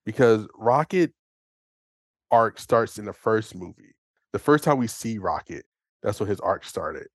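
A low-pitched man talks through a film in an excitable, rambling way, often slipping into quoted lines. His voice sits close and dry on the mic, with no room sound around it. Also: normal speed, long pauses, no echo. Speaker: podcast co-host. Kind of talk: casual movie review chat.

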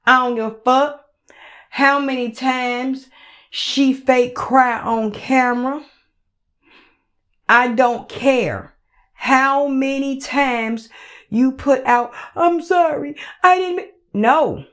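A woman's voice: high voice, fairly even intonation, extremely slow, pauses often, a bit bright. Heated, profane woman podcast host. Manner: heated, blunt and profane, repeats phrases for emphasis. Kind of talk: solo commentary rant.

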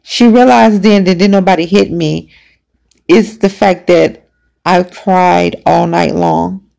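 A woman's voice: fairly low pitch, steady tone, takes it slowly, creaky, darkish tone. A woman hosting a podcast, telling a personal story in a casual, emphatic, conversational way. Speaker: podcast host.

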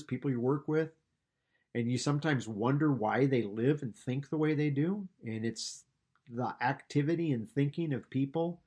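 A man pastor giving a conversational expository sermon, teaching verse by verse and shifting his loudness for emphasis. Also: mid-range voice, slightly rough.

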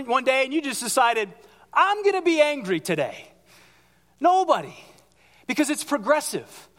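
Male pastor, higher voice, chatty animated sermon delivery in a reverberant church hall. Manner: animated, conversational, acts out quoted voices.

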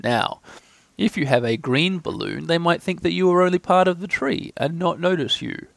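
A man doing Winnie-the-Pooh, slow and earnest. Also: on the high side, vocal fry, dry recording, pitched above the performer's own voice. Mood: musing. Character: gentle simple-minded male bear.

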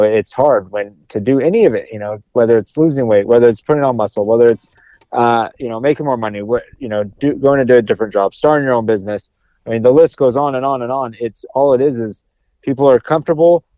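A man's voice: medium pitch, warm tone, no echo. A man co-hosting a podcast in casual chat, rambling with many restarts and repeated words, swearing now and then. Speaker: podcast co-host.

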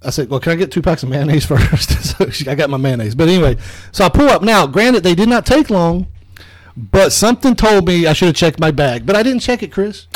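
A man tells a comedic story on a podcast, animated and quick to swear. His voice sits fairly high and sounds dry and close to the mic. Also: no room sound. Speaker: podcast co-host. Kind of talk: casual comedic chat.

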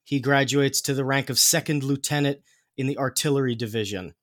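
A man's voice: mid-range voice, fairly quick, a bit bright, no echo, studio quality. A man hosting a podcast, explaining history in casual chat, with many fillers and restarts.

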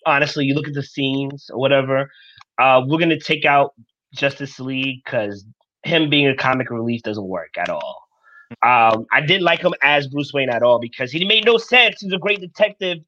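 A man co-hosting a casual chat, giving relaxed, offhand opinions. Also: medium pitch, moderate pace, muffled recording. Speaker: podcast co-host.

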